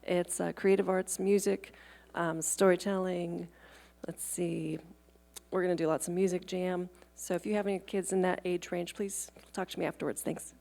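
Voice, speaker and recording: A woman making a quick announcement at church about a children's arts program, with a hesitant delivery. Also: fairly low pitch, little pitch movement, gravelly, darkish tone. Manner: brief, hesitant with fillers.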